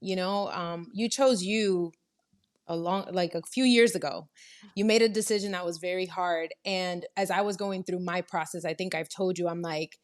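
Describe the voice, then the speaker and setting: A woman's voice: fairly low pitch, moderate pace. A woman guest on a podcast, talking earnestly and a little ramblingly about letting go of fear. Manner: earnest, rambling, self-encouraging. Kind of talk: casual podcast chat.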